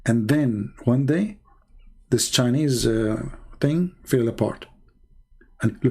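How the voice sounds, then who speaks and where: A man's voice: medium pitch, lively intonation, takes it slowly, vocal fry, long pauses, a little mellow, husky. A man whose first language is Arabic, arguing heatedly with a caller and then mocking the point in sarcastic commentary. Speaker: debate host.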